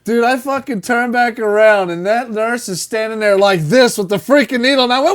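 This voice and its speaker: Middle-aged male co-host, animated storyteller, laughs often, acts out quotes. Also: very high voice, a little fast, few pauses, clear, resonant tone. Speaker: podcast co-host telling a story. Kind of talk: casual storytelling chat.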